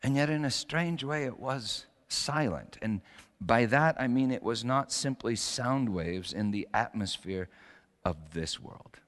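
Lively preaching man in a reverberant hall. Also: mid-range voice, a little slow. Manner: dramatic storytelling with rising emphatic peaks. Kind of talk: sermon.

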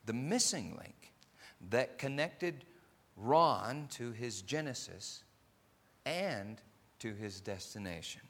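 A man preaching a sermon, telling a story slowly and deliberately with many pauses, building from quiet narration to loud, impassioned passages. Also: mid-range voice, lively intonation, in a large hall.

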